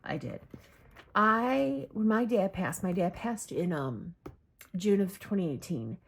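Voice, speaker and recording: A woman from Michigan, USA, speaks slowly in a medium, sing-song voice with creaky and breathy edges, vlogging casually about her journals. She rambles, corrects herself, and uses many fillers while holding back tears.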